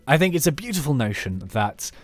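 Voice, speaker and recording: A man's voice: a little high, fairly quick, soft background music. A man from the United Kingdom talking through a game in a chatty, rambling let's play. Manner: chatty, animated, rambling asides. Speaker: YouTube let's play host. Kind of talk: casual gameplay commentary.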